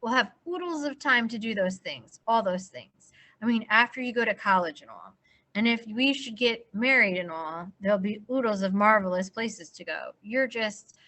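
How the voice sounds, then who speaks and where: A woman reading aloud as an exasperated teenage girl on a date, scolding with a slightly raised pitch. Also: animated, normal speed, bright, forceful tone. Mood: coaxing.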